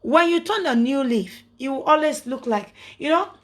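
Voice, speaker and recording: Middle-aged Nigerian woman, a bit high-pitched, ranting and preaching to followers with rhetorical questions. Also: lively intonation, normal speed. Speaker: social media personality. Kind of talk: casual monologue to followers.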